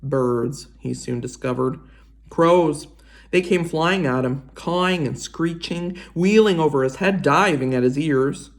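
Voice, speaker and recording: A woman reading a children's chapter book aloud in an expressive storytelling voice. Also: deep voice, a little slow. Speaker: reader.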